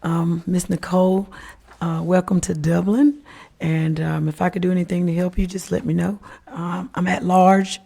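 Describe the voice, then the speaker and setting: A woman on the council speaks in a raspy, gravelly voice because she is losing it. She stays friendly and joking as she thanks people. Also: lowish voice, little pitch movement, normal speed, dark tone. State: hoarse, losing her voice. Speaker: at-large council member.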